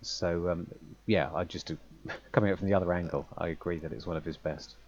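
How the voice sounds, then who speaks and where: A man's voice: sits low, steady tone, fairly quick, darkish tone, dull audio. A man co-hosting a casual chat, musing aloud and stopping to correct himself. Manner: musing, self-interrupting, laughs often. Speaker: podcast co-host.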